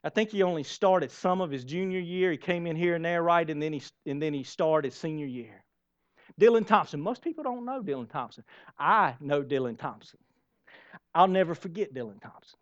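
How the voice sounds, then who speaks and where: A man's voice: fairly high pitch, expressive, moderate pace. A man preaching a sermon, emphatic and storytelling, repeating phrases for effect. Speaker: pastor. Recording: dull lo-fi sermon recording.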